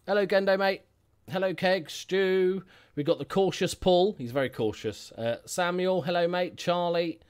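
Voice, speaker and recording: A man's voice: sits high, normal speed, smooth. A man hosting a casual live stream from home, jokey and rambling, humming filler sounds while he chats.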